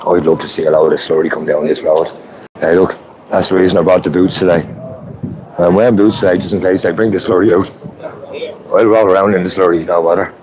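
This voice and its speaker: A man's voice: low voice, flat delivery, a little fast, crowd noise, poor audio. An Irish man livestreaming from a street protest outdoors, chatting casually and greeting viewers by name. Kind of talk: live street stream.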